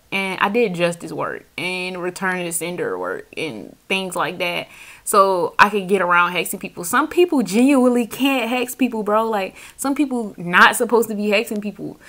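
Seated indoors on a squeaky chair, a woman does a tarot reading in a relaxed, foul-mouthed chat to camera, frequently laughing. Her voice is mid-range and somewhat bright.

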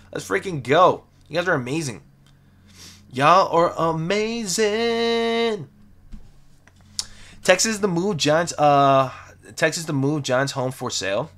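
A young man with a slightly high, fairly bright voice hosts a sneaker livestream from his home in the city. He chats casually, reads viewer comments aloud in a relaxed, slangy manner, and often repeats himself.

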